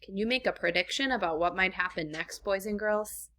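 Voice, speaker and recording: A woman's voice: mid-range voice, brisk, sharp tone. A woman teacher reading a storybook lesson aloud to children, stopping to ask the class questions. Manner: friendly, asks the class questions.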